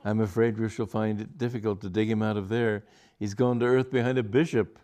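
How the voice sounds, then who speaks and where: A man voicing a dry, unflappable young gentleman in a comic story, with understated, wry delivery. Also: fairly low pitch, level tone, fairly quick, slight background noise, close to an everyday voice.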